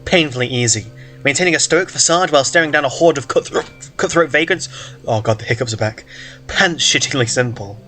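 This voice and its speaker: A man's voice: mid-range voice, fairly quick, sharp tone, faint music behind. A man casually reading a story aloud, breaking off for jokes and asides, stumbling over words. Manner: joking, self-interrupting, stumbles and hiccups. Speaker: reader of a story game.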